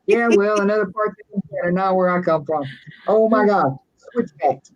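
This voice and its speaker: A woman's voice: on the low side, moderate pace, dull audio. A woman from West Texas with a West Texas accent, hosting a casual livestream chat in a chatty, folksy way and laughing often. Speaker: livestream host.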